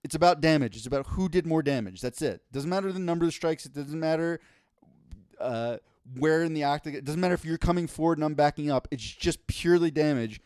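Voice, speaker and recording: A man's voice: on the high side, fast, darkish tone, clean tone, no echo, clean studio sound. A man co-hosting a casual podcast, ranting with exasperation and lots of swearing. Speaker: podcast co-host.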